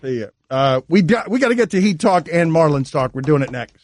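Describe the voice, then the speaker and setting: A man's voice: a little high, big pitch swings, brisk, darkish tone, no room sound, faint music behind. A male sports radio host in playful, rambling banter with his co-hosts at a studio microphone.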